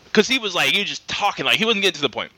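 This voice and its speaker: A man's voice: high-pitched, huge pitch swings, fairly quick, pushed and bright, breathy edge, dry recording. A man casually telling rambling stories among friends, laughing often and acting out what people said. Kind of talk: casual storytelling chat.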